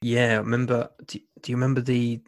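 A man's voice: mid-range voice, flat delivery, fast talker, no room sound, studio quality. A man hosting a podcast interview, chatty and easygoing, laughing often and repeating words as he searches for them. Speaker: podcast host. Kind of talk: casual interview chat.

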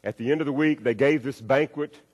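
A man's voice: medium pitch, a little fast. A man preaching a sermon, folksy and storytelling, repeating his key phrases. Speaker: pastor. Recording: long reverb of a large hall.

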